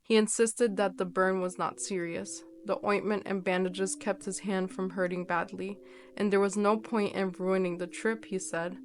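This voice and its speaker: A woman reading a horror story aloud in a steady, measured narration. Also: mid-range voice, a little hiss or hum.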